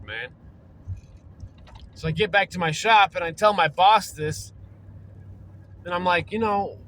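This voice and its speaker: A man's voice: fairly high pitch, slight background noise, poor audio. A young man ranting angrily and profanely from inside his car. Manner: heated, profane, talks fast and loud. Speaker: vlogger. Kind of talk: angry rant.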